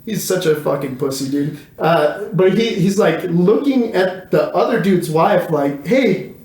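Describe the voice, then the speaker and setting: A man's voice: a little high, expressive, a little slow, a little mellow, roomy sound. A man co-hosting a podcast, telling a story in profane, rambling casual chat. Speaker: podcast co-host.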